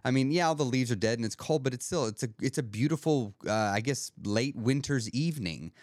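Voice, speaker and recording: A man's voice: medium pitch, lively intonation, fairly quick, darkish tone, dry recording, studio quality. A man hosting a podcast, talking earnestly and motivationally in a reflective monologue. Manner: earnest, motivational, thinking aloud with restarts. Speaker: podcast host.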